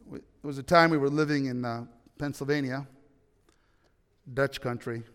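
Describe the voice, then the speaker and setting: A man preaching a sermon as pastor, swinging between loud proclamations and hushed storytelling. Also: medium pitch, steady tone, normal speed, clean tone. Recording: long hall reverb.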